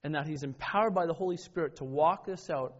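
A man's voice: fairly high pitch, quick pace. A middle-aged man preaching a sermon in an earnest, conversational way, with personal stories and frequent self-corrections. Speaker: pastor. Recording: dull lo-fi sermon recording.

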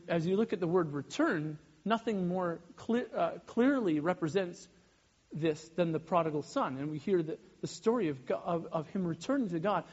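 A man in his thirties, a pastor giving a sermon, animated and often breaking off mid-sentence to act out little scenes. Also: sits high, husky, highs cut off. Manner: animated, self-interrupting, acts out little scenes.

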